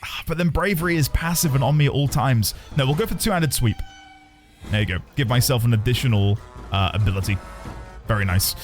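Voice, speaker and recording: A man streaming live gameplay, talking excitedly and shouting at the action. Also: medium pitch, a little fast. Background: loud game music.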